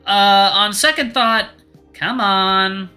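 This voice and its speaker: A man's voice: high-pitched, slow, pushed and bright, soft background music, voice pushed up, heavily acted. A man voicing a tired, blunt young woman who is a med student, in a visual novel read-aloud. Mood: dry. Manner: blunt, sarcastic.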